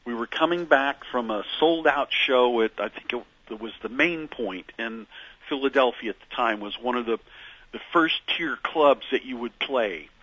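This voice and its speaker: A man with a bright, forceful voice tells stories as a musician guest, meandering through fillers and restarts. The voice is dry and close, with a slightly dull lo-fi radio sound. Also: medium pitch, normal speed, no room sound. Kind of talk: reflective radio interview storytelling.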